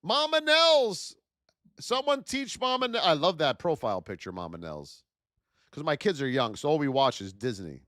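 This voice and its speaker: A man's voice: fairly high pitch, big pitch swings, normal speed, fairly bright tone, no echo, clean studio sound. A man in his thirties hosting a live trading stream, hyped up, calling out viewers' names and calling them his beauties. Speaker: trading educator and livestream host.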